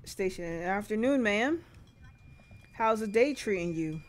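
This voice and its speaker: A woman playing a rural gas station attendant, smooth salesman, drawling country voice, unhurried, calling everyone ma'am. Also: medium pitch, expressive, lightly acted. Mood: courteous. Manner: drawling country accent put on, courteous "ma'am". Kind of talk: reading game dialogue aloud.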